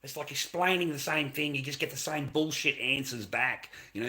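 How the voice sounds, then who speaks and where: Bright-voiced man ranting on a livestream. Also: medium pitch, steady tone, brisk, hardly any pauses. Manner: rambling, profane, venting frustration. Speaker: livestream host. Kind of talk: unscripted livestream rant.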